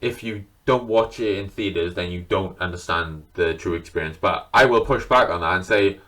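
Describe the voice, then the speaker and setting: A man's voice: sits low, moderate pace, fairly bright tone. A man chatting casually and enthusiastically to camera, swearing freely as he talks. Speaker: video creator showing his film collection. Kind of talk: casual unscripted chat to camera.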